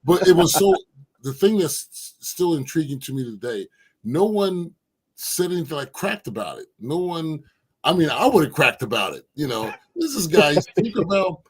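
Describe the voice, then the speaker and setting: This man's husky voice sits fairly high in pitch, and he talks at a moderate pace. A former basketball player from Philadelphia, USA, he is a guest in a casual storytelling interview, animatedly telling stories and acting out the quotes.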